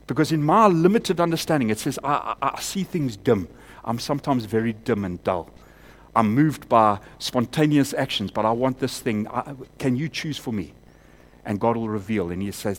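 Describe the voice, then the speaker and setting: A man preaching a sermon in a church, climbing to loud emphatic peaks and then dropping to quiet, close appeals. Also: medium pitch, expressive, moderate pace.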